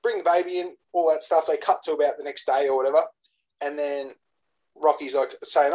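A man co-hosting a podcast, telling stories in an animated, excitable way during casual chat. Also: on the high side, brisk, rough recording. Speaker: podcast co-host.

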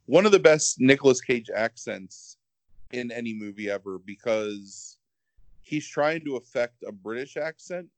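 A man co-hosting a podcast in casual chat, rambling and animated, filling with "like". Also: mid-range voice, unhurried, no room sound.

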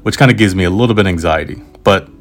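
A man's voice: sits low, rapid-fire, faint music behind. An American man, a travel writer, casually telling a travel story in a rambling, self-aware way with asides and restarts. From United States.

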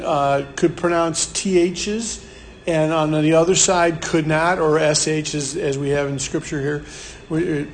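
A man leading a live Bible study in a conversational way, often repeating words and restarting, with a light hiss behind. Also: on the high side. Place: room with a live group.

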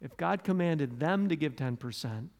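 A man's voice: moderate pace, vocal fry. Man preaching a casual, conversational sermon. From United States. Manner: conversational preaching with restarts and asides; grows loud and animated when storytelling, drops soft and low in prayer. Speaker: pastor.

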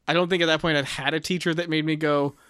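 A man in his thirties with a fairly high voice rambles through casual podcast chat, full of restarts, fillers and the odd swear. The mic is close and the sound is dry, with no room echo. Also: flat delivery, fast, a bit bright, smooth. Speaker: podcast co-host.

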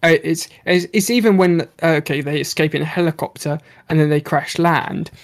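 Man, casual film chat, gravelly, slightly high voice, swears a lot. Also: fairly quick. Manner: animated, swears freely, acts out characters' lines. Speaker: podcast co-host reviewing a film.

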